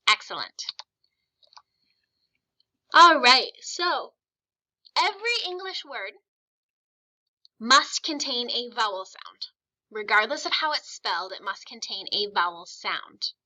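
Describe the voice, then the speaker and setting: A young adult woman teaching a phonics lesson, patiently encouraging her students and sounding out vowels slowly. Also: on the high side, sharp tone, poor audio.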